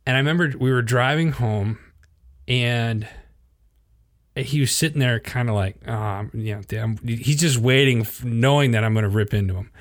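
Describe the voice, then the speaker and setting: A middle-aged man co-hosts a casual podcast and tells a parenting story. He rambles, restarts his sentences and laughs his way through it. His voice is mid-pitched and plain. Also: moderate pace. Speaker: podcast co-host. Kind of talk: casual chat.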